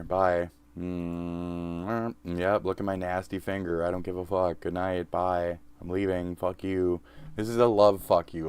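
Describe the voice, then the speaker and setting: A man's voice: deep voice, darkish tone, clear, resonant tone. A man in his forties, a streamer, rambling through a profane, self-mocking sign-off to his viewers. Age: 40s.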